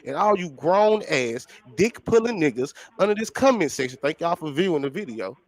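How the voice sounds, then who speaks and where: High-voiced blunt man ranting. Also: big pitch swings, normal speed. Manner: blunt, profane, emphatic, repeats himself. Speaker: podcast co-host. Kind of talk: heated casual talk-show banter.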